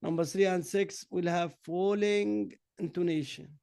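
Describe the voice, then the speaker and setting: A man's voice: high-pitched, creaky, mellow, smooth, no room sound. A man who is a native Arabic speaker with an Egyptian accent, teaching an English workbook lesson and reading answers out one word at a time. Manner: slow, drilling answers word by word.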